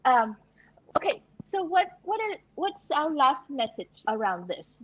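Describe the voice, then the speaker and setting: A woman co-hosting a frank casual chat, laughing often and talking in animated bursts with repeated words. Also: high-pitched, a little slow, rough recording. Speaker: co-host.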